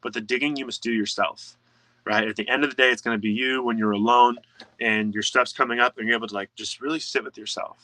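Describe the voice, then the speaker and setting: Male coach, bright forceful tone, dry close sound, earnest, lots of fillers. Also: mid-range voice, fairly even intonation, fast, no echo, rough recording. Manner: earnest, talkative, filler-heavy. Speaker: life coach. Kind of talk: live online presentation.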